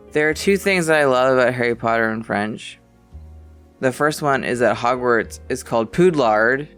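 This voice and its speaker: A man's voice: lowish voice, vocal fry. An American man giving a casual, self-deprecating tour of his home library, reading titles aloud. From United States. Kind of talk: casual chat.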